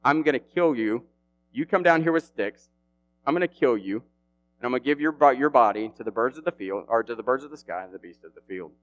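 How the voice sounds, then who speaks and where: A man voicing a boastful, taunting giant warrior in a loud, mocking voice during a sermon. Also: mid-range voice, lively intonation, fairly quick, dull audio, close to an everyday voice. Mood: threatening.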